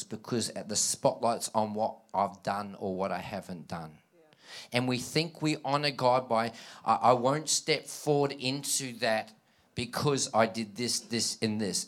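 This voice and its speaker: A man preaching a sermon to a live congregation, animated, acting out scripture dialogue and prompting listeners with call-and-response. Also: mid-range voice. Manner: acts out quoted dialogue in scripture.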